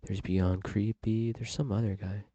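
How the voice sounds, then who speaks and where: A man's voice: lowish voice, level tone, a little slow, dark tone, dry recording. A man streaming live, tossing out mumbled, offhand asides as he reacts to a video. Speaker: livestream host. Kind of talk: casual reaction commentary.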